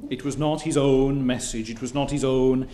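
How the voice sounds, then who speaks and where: Preaching a sermon, this man moves in a measured, repetitive cadence that grows more emphatic, now and then slipping in hesitant fillers. His medium-pitched voice stays steady and warm.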